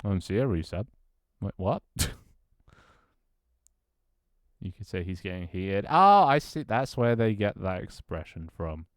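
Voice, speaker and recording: A man on a live stream, grumbling and swearing between easy laughs. His voice sits low and comes through smooth and resonant, recorded dry and close on a desk mic in a small room at home. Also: big pitch swings, a little slow, long pauses, dry recording. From United Kingdom. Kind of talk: casual live-stream chat.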